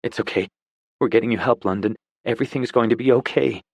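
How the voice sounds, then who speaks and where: A man voicing a desperate young man who swings between frantic shouts and broken, pleading whispers beside his injured love. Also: medium pitch, fast talker, vocal fry, no echo. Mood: tender, soothing.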